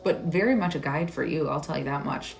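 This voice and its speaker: A woman hosting a live stream as a psychic medium, giving readings in a halting, searching way full of "like"s and growing emotional. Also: low voice, creaky, faint music behind. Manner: halting, searching delivery with many "like"s; emotional, tearful at moments.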